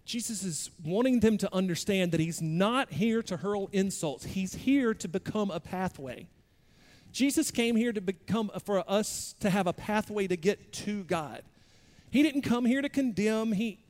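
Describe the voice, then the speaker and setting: A man pastor delivering a sermon in a relaxed, conversational way, often poking fun at himself. His voice sits high for a man, and his loudness keeps shifting between soft asides and louder bursts. A long reverb trails his words around a large hall. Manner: conversational, self-deprecating preaching with shifting loudness.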